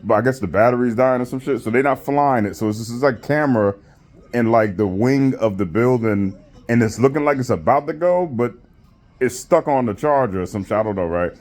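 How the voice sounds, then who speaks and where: A man's voice: medium pitch, brisk, a little mellow. A man giving a profane, mocking rant while reviewing a wrestling show. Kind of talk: casual rant.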